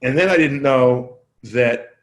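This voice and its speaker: A male comedian telling a story as a podcast guest, casual and self-deprecating, acting out quoted dialogue with his voice jumping up and down. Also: takes it slowly. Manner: animated, acts out quoted dialogue with jumps in pitch.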